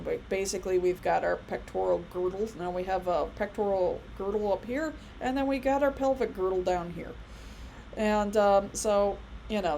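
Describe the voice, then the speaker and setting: A woman's voice: on the low side, creaky, dark tone, slight background noise, poor audio. A woman in her thirties giving a casual biology lecture, chatty and rambling with many fillers and asides. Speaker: college biology instructor.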